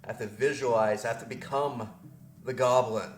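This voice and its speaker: A man's voice: mid-range voice, fairly even intonation, normal speed, reverberant, soft background music. Rambling man narrating a strategy game. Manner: rambling, self-deprecating complaining. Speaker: gaming video host. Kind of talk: let's play commentary.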